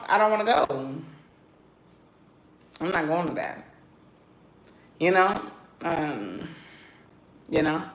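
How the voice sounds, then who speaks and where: A woman talking casually to her viewers in a sassy, animated vlog style, laughing and swearing freely. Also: medium pitch, reverberant, low-quality recording. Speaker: vlogger. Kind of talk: casual self-talk vlog.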